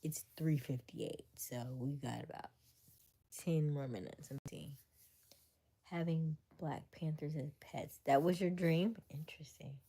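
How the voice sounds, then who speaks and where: A woman's voice: deep voice, unhurried, mellow, slightly rough. A woman hosting a casual late-night livestream, chatting with viewers, laughing often and slipping into whispers. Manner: reads answers aloud to viewers. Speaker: livestream host.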